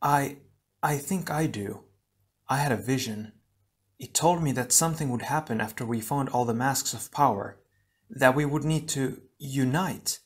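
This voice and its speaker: A man voicing a cold, aloof male ice hero who speaks grimly and quietly. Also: a little slow, lightly acted. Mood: hesitant. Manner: grim, low and quiet.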